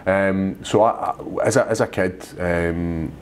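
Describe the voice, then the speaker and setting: A man with a Scottish accent in casual podcast chat, telling stories quickly and acting out what people said. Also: deep voice, a little hiss or hum. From Scotland. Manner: rapid storytelling with acted-out quotes. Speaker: podcast guest, fighter.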